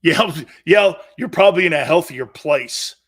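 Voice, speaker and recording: A man hosting a live sports talk show, telling stories in an animated way that swings from hushed asides to loud bursts, with blunt, swaggering banter. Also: fairly high pitch, unhurried.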